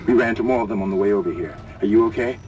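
A curt military man played by an actor rattles off orders fast and low in a sci-fi horror game. He sounds urgent and clipped, his voice carried in the game's audio. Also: lo-fi sound, noisy background, lightly acted. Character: grim male soldier leading survivors. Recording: game audio heard through a let's play.

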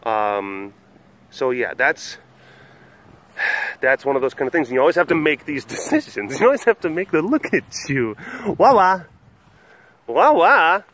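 A man with an average-pitched voice hosts a casual walk-around webcast at an animal compound. He rambles and stays animated, breaking into cooing baby talk at the animals. He is recorded outdoors on a windy day with a handheld camera. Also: normal speed, pauses often. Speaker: host of an animal facility webcast. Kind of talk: casual vlog chat.

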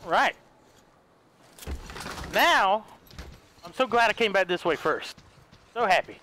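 A man hosting a gaming video, giving excitable casual commentary, yelping and talking back to enemies. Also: high-pitched, takes it slowly, slight background noise. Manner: excitable, yelps and talks to enemies. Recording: voice over loud game audio. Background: game sound effects.

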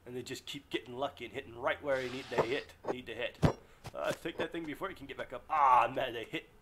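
A man commentating his own gameplay, excitable, yelping and groaning as things go wrong. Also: mid-range voice, fast talker, very noisy. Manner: excitable, yelps and groans at setbacks. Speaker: let's play gamer. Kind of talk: live game commentary.

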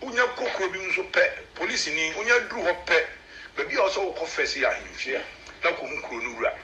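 A Ghanaian man who talks quickly and emphatically, explaining local customs as a spokesman. His voice is very bright and sharp. A faint hiss of noise sits behind him. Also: high voice, lively intonation, low-quality recording. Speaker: chief's spokesman. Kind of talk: explaining to a local news camera.

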